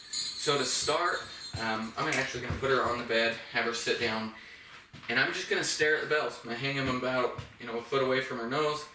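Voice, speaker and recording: A male dog trainer talks through a demonstration, laying out each step plainly and cheering the dog on. His voice has a bright edge. It is recorded a little away from the mic in an echoey indoor room with a faint hum of ambience behind him. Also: medium pitch. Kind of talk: instructional demonstration. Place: indoors in a home. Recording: roomy, from a distance.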